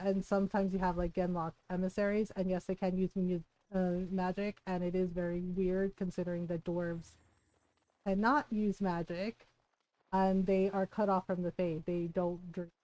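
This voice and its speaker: A woman's voice: fairly low pitch, level tone, unhurried, dark tone, dry recording, poor audio. A woman streaming a game live, chatting and giggling as she rambles about the story. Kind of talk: live gameplay commentary.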